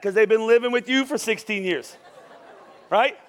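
A middle-aged male pastor preaching a lively, joking sermon in church, urging the congregation to repeat lines after him. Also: very high voice, brisk. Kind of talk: lively sermon with call-and-response. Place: church service before a congregation.

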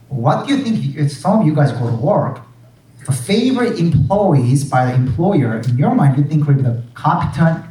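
A man's voice: on the high side, recorded from a distance. Earnest male pastor preaching in an echoey room. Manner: earnest, emphatic preaching with soft hushed drops on key phrases. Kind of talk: sermon.

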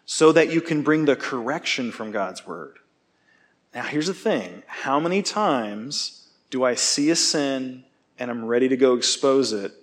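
A man's voice: mid-range voice, expressive, measured pace. Man preaching a casual, chatty sermon. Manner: casual, self-deprecating, asks "okay?" often. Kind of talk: conversational sermon.

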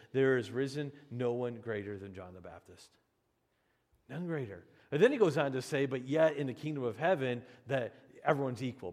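A man preaching a sermon as pastor, in an animated, conversational way with frequent restarts. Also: mid-range voice. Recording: long hall reverb.

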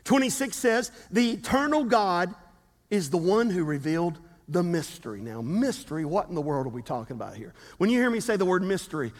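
A man's voice: sits high, very animated, a little fast. A man preaching a sermon as pastor, with emphatic repetition and call-and-response with his congregation. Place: church sanctuary. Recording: reverberant hall.

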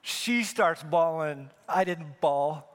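Storytelling pastor from Wyoming. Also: male voice, on the high side, slow pace, slight background noise. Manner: storytelling, acting out dialogue, growing loud and emphatic. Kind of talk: sermon.

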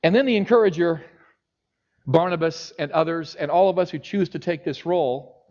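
A middle-aged man with a slightly high, gravelly voice preaches at a moderate pace, recounting a story and animatedly imitating the people in it. The recording sounds dull and lo-fi.

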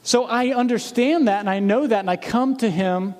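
A male pastor delivering a sermon with a fairly high voice. He speaks earnestly and directly to his congregation, slowing down to read scripture with weight. His voice rings out in a hall with a long, lingering reverb. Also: darkish tone. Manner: reads scripture aloud slowly with emphasis.

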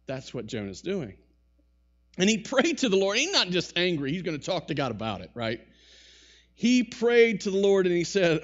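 A man preaching a sermon to a congregation in a church, talking with rising bursts and quick asides. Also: sits high, big pitch swings, highs cut off. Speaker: pastor. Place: church sanctuary.

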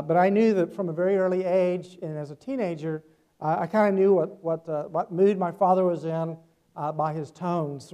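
A middle-aged male pastor preaching a sermon, earnest, moving between emphatic points and hushed asides. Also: high voice.

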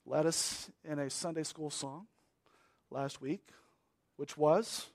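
A man preaching a sermon as pastor, emphatic, swinging from loud declarations to hushed lines. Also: a little high, no echo, studio quality.

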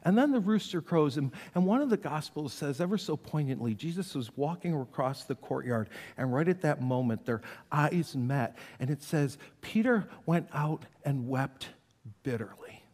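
Dramatic pastor preaching in a reverberant hall. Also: male voice, a little high, animated, normal speed. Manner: dramatic storytelling, acting out quoted voices, swings from loud to hushed. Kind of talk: sermon.

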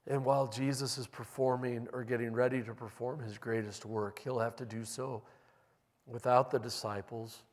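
A man preaching a sermon as pastor, speaking in a measured, deliberate way and reading scripture aloud in a church sanctuary. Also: mid-range voice, level tone. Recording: long reverb in a large hall.

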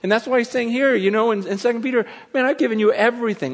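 A man preaching a sermon, earnest and emphatic, often repeating words and restarting as he presses a point, swinging between soft and forceful delivery. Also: extremely high pitch, fast talker, big-room sound. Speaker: pastor.

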